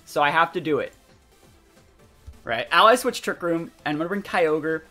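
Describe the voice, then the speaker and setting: Excitable young man streaming a game. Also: on the high side, normal speed. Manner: excitable, talks to chat, sudden loud outbursts. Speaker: gaming streamer. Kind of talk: live commentary over gameplay. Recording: faint music behind voice.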